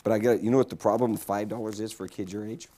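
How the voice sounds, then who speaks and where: A man's voice: on the low side, fairly even intonation, very fast, dark tone, a little hiss or hum. A man preaching a guest sermon in a church, joking with the congregation and bringing people up to take part. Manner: jokey, playful, talks to the congregation. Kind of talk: humorous sermon with audience interaction. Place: church sanctuary.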